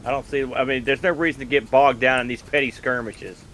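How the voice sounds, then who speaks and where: A man's voice: mid-range voice, fairly even intonation, brisk, fairly bright tone. Eager man playing a tabletop game. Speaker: player. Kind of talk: casual game chat. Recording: faint background noise.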